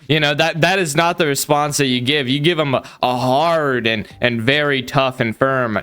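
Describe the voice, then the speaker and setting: Hesitant commentary host, male, smooth clear voice, stumbles and repeats himself. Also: medium pitch, fairly even intonation, moderate pace, hardly any pauses, sharp tone. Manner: hesitant, repeats words, frequent fillers. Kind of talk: commentary reaction.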